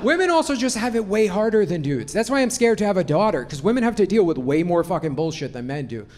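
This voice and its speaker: Male stand-up comic, brash storyteller, high and animated, noisy club recording. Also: quick pace. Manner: brash, profane, punchy storytelling. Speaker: stand-up comedian. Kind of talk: stand-up comedy set. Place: comedy club stage before a laughing audience. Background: audience laughter.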